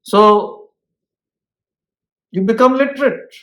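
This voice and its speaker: A man's voice: high voice, slow pace, fairly bright tone. Man teaching scripture, echoey room. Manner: explains with homely examples and asks listeners "hmm?". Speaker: spiritual teacher. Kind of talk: scripture lecture.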